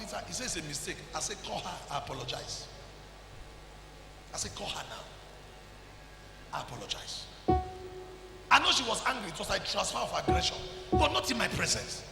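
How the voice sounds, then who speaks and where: High, bright-voiced Nigerian preacher in a hall. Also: male voice, creaky. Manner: exhorting, calls people forward, shouts at peaks. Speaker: pastor. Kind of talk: sermon.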